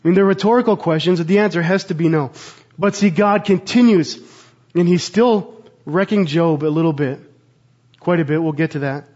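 High-voiced man preaching with earnest questions. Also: moderate pace, a little mellow. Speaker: pastor. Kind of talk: sermon. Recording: slightly dull, muffled sound.

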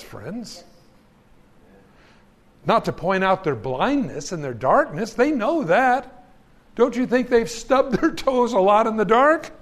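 A man with a notably high voice preaches a sermon, moving between scripture reading and homespun asides. He is emphatic and folksy and calls his listeners friends. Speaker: pastor.

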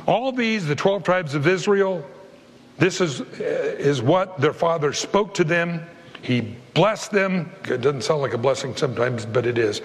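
A man preaching a sermon, reading scripture and retelling its stories with lively, comic character voices. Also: on the high side, a little slow, big-room sound. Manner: animated preacher, acts out voices of biblical figures with comic flair. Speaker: pastor.

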